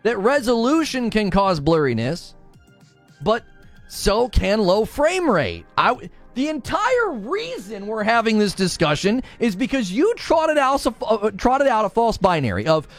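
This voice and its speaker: A man's voice: high-pitched, big pitch swings, measured pace, soft background music. A man hosting a live stream in casual chat. He argues animatedly and laughs often. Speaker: livestream host.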